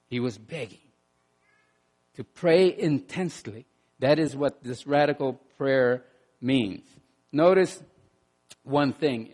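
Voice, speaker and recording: A man preaching a sermon in an animated way, dropping to quiet asides and rising to loud bursts, often repeating words as he restarts. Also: mid-range voice. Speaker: pastor.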